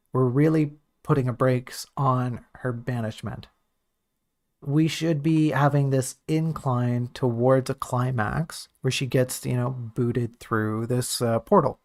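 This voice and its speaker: A man's voice: medium pitch, a little mellow. A man in casual stream commentary, reviewing his own writing draft, thinking aloud in a self-critical, joking way.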